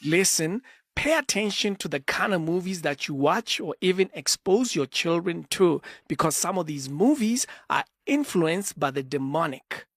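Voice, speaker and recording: A man's voice: on the high side, lively intonation, moderate pace, no echo, studio quality. A man introducing a clip and earnestly warning viewers. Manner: urgent, warning. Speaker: video commentator. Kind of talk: earnest commentary.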